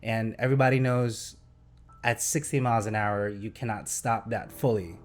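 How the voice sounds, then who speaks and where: A young man in casual podcast chat, telling a story in an animated, excitable way and acting out sound effects. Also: lowish voice, moderate pace, soft background music. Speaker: podcast host.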